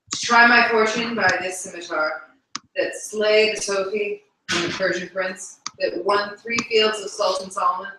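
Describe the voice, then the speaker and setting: A woman's voice: medium pitch, pushed and bright, a little hiss or hum. A woman reading a play aloud, voicing a boastful noble prince who speaks grandly. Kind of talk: live read-aloud of a play. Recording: echoey room, distant mic.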